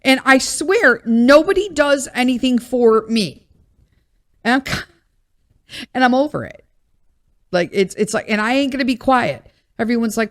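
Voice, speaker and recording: Exasperated woman venting, slightly high. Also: animated, measured pace, long pauses. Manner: exasperated, blunt, swears freely. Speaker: podcast host. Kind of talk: casual venting monologue.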